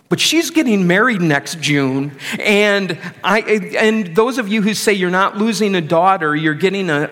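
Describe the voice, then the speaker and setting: Middle-aged guy pastor preaching, kinda high voice, chatty and joking at himself. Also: a bit bright. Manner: conversational, self-deprecating humor. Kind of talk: sermon.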